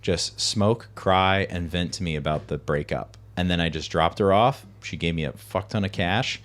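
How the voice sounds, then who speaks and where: A man's voice: sits low, normal speed, fairly bright tone. A man hosting a podcast in casual chat, telling easygoing stories full of filler words. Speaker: podcast host.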